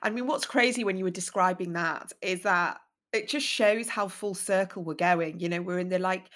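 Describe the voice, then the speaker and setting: A woman podcast host chatting with her guest in an animated way, full of "like" and "you know". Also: lowish voice, normal speed. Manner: chatty, animated, many fillers. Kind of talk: casual interview chat.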